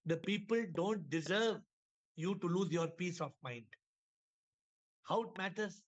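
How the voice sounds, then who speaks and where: A man's voice: high-pitched, unhurried. A man gives a spiritual talk full of parables, repeating his phrases and acting out the voices in his stories. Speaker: spiritual teacher. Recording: dull lo-fi recording.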